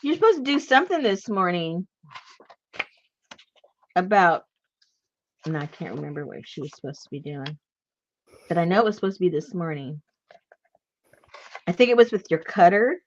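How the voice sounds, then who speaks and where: A woman's voice: lowish voice, big pitch swings, normal speed, pauses often, dull audio, a little hiss or hum. A woman hosting a casual crafting chat, rambling and laughing easily as she works. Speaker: crafting channel host.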